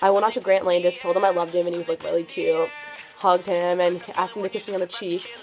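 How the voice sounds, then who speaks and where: A teenage girl telling a story on her vlog in an excitable, gushing way, full of "like" fillers. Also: on the low side, fast. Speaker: vlogger. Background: background music.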